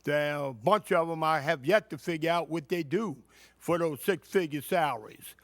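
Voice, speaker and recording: A man's voice: fairly high pitch, normal speed, no echo. A man from Louisiana making an indignant public comment at a city council meeting, asking pointed rhetorical questions. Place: council chamber.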